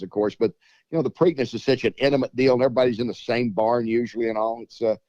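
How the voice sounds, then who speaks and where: A man with a warm, relaxed voice hosts a casual interview. He asks chatty, rambling questions and sometimes stammers at the start. The recording is dry and dull. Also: medium pitch, dry recording. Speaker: show host. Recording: dull lo-fi audio.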